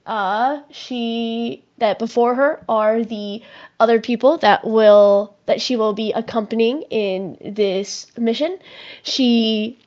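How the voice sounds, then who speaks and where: A woman describing her role-play character in careful, deliberate narration. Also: on the high side, a little mellow. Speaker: player. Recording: dull online call audio.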